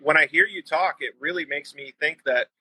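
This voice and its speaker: A man's voice: on the high side, fairly quick, bright, forceful tone, breathy edge, rough recording. A man hosting a casual live-stream chat show, enthusiastic and rambling with lots of fillers. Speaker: show host.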